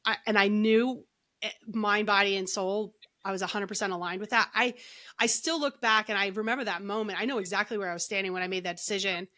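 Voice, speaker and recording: A middle-aged woman, a guest on a podcast, telling her story in an animated way and acting out the lines of others. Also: mid-range voice, fast. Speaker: podcast guest, energy healer.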